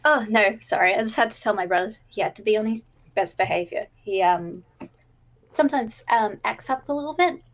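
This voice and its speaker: A woman's voice: medium pitch, brisk, close to an everyday voice. A woman voicing a young woman who looks after her younger brother, speaking hesitantly with many ums. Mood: polite.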